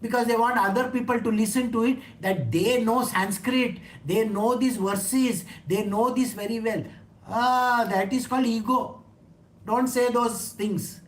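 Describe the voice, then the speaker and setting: A woman with a somewhat high voice talks through scripture in a loose, conversational way. She keeps turning to her listeners with questions and laughs easily. The room around her is echoey. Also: steady tone, a little slow. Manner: chatty, asks listeners questions, laughs often. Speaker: spiritual teacher. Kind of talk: informal scripture talk.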